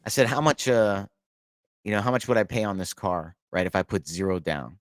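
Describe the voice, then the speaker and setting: A middle-aged podcast host rambles through a long story in casual conversation, restarting often and laughing as he goes. His voice is lowish and lively in intonation, a little fast, with no echo.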